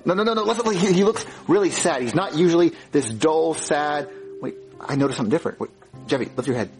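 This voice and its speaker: A man's voice: fairly high pitch, fast, darkish tone, faint music behind, close to an everyday voice, poor audio. A man playing an anxious father who stammers and pleads frantically. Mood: worried.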